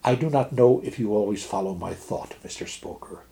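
A man voicing a calm, philosophical ship captain in a read-aloud fable, speaking gently and with measured reasoning. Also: fairly low pitch, gravelly.

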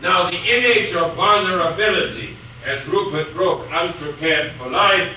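A man giving a university lecture, reading poetry aloud slowly and otherwise talking haltingly with many pauses. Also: high-pitched, sharp tone. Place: lecture hall. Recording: echoey hall from far off, faint noise.

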